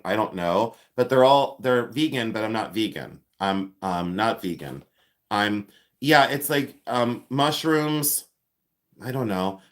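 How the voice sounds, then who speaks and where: Chatting with viewers by name, a fifties-aged livestream host who collects jewelry rambles and cracks jokes in a relaxed stream. He has a lowish voice with a fairly bright tone.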